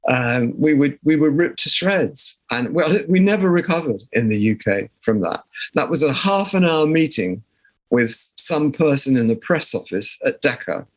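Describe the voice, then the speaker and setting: A man's voice: on the high side, lively intonation, normal speed. Older man with a southern English accent. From southern England. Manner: reflective, storytelling with frequent restarts. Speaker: guest musician. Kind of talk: conversational interview.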